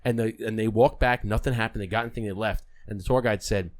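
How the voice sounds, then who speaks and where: A man's voice: on the low side, steady tone, fast talker. Rambling man telling a story. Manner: rambling storyteller with restarts and swearing. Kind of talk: casual podcast chat.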